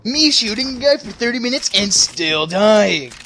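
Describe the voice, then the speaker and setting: A man chatting casually with friends while gaming, goofy and teasing, jumping between loud outbursts and low mumbles. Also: lively intonation, normal speed, a little hiss or hum. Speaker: gamer.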